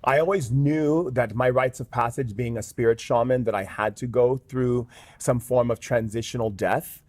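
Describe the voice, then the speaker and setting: A man's voice: mid-range voice, moderate pace, a little mellow, no echo. A man, a guest shaman in an interview, telling a story earnestly with many fillers. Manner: earnest, with frequent "um" and "like".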